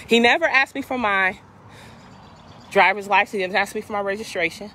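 A life coach and inspirational speaker in her fifties tells a personal story as a casual testimony, talking a little fast at medium pitch. She's animated and acts out the dialogue in different voices. A light hiss or hum runs underneath.

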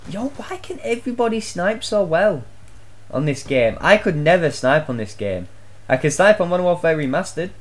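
A young man giving loud, swear-filled live commentary on his own gameplay, shouting out reactions as he plays. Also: sits high, very animated, normal speed. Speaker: gaming channel host.

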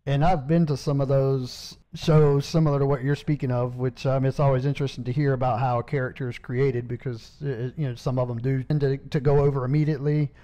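A man hosting a podcast, adding measured comments between his guest's stories. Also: medium pitch, fairly even intonation, dark tone, low-quality recording. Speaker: podcast host. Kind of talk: casual interview.

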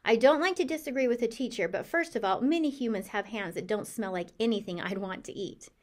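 A woman reading a children's chapter book aloud in the voice of a cheerful, curious hamster narrator, with a lively, expressive delivery. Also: on the high side, a little fast. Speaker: audiobook reader. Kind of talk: storybook narration.

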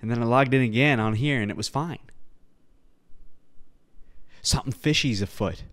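A man riffing on a solo podcast in a sarcastic, rambling way, throwing in playful mock-serious asides. His pitch sits mid-range for a man, and the recording is close and dry with no room sound around it. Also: moderate pace, fairly bright tone, no room sound. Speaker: podcast host. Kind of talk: casual solo commentary on clips.

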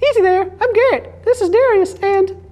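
A squeaky falsetto survivor. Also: male voice, normal speed, darkish tone. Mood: eager. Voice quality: high falsetto. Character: nervous squeaky-voiced male survivor.

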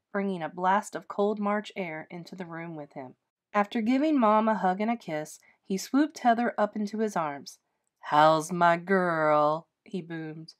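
A woman narrating a children's ghost story aloud in an expressive, gently paced read-aloud style. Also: medium pitch.

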